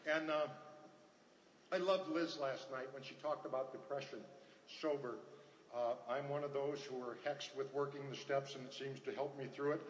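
A man's voice: medium pitch, fairly even intonation, normal speed, a little hiss or hum. An older man giving earnest personal testimony at a recovery meeting, telling stories and repeating his phrases. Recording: echoey hall, faint ambience.

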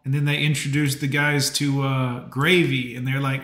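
A man's voice: medium pitch, level tone, moderate pace, a bit bright, echoey room. A man hosting a live stream, talking casually and rambling with plenty of fillers. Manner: chatty, rambling, lots of fillers. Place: home.

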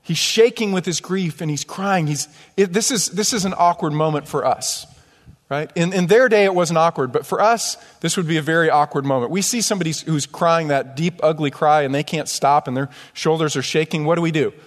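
A man pastor preaching a sermon, animated and full of rhetorical questions to his congregation. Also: on the high side, a little fast, long reverb tail. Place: church sanctuary.

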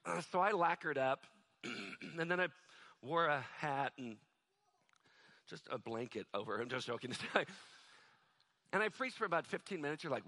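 Male pastor, bright, slightly high voice, jokey storytelling sermon. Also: lively intonation, moderate pace, long pauses. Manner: conversational, jokey, acts out quoted voices.

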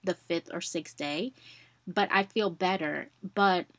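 A young woman chats through a personal story on her podcast, animated and warm toward her listeners. Her voice sits a little low. The recording is dry and close, with no room sound. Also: slow pace, no room sound. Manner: chatty, addresses listeners as y'all, animated retellings. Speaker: podcast host.

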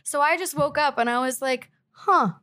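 A woman in her twenties co-hosting a podcast, chatting casually and acting out quotes with a lifted, animated voice. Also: sits high, brisk. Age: 20s. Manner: animated, acts out quotes with a raised voice. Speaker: podcast co-host. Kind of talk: casual chat.

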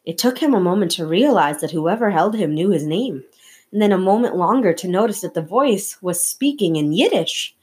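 A woman reading a novel aloud chapter by chapter, in steady, measured narration. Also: fairly low pitch, breathy edge. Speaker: audiobook reader.

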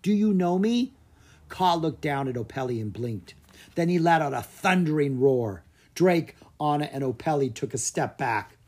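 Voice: medium pitch, normal speed, darkish tone, slightly rough. An audiobook narrator reading a children's adventure story aloud, giving each character a voice.

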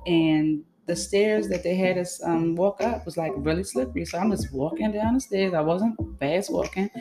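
A woman's voice: lowish voice, normal speed, over a noisy crowd. A woman hosting a podcast, venting in a frank, exasperated solo monologue with loose, run-on storytelling and free swearing. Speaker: podcast host.

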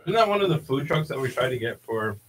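Male radio co-host, 30s, husky, playful. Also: medium pitch, sing-song, quick pace, fairly bright tone, poor audio. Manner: playful, laid-back. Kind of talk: casual radio chat. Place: radio studio.

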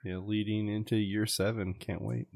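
A man co-hosting a casual podcast chat in a low-key, soft way. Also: little pitch movement, normal speed, no echo. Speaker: podcast co-host.

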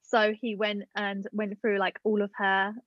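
A woman's voice: medium pitch, completely flat delivery, a little slow, dry recording. Chatty young woman from Britain. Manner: chatty, filler-heavy with many "like" and "um". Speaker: podcast guest. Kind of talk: casual storytelling chat. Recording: dull lo-fi dry sound.

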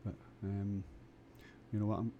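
A man's voice: fairly low pitch, flat delivery, a little slow, highs cut off, a little hiss or hum. A Scottish man delivering a rambling comic monologue to camera, crude and full of stammered restarts. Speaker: vlogger.

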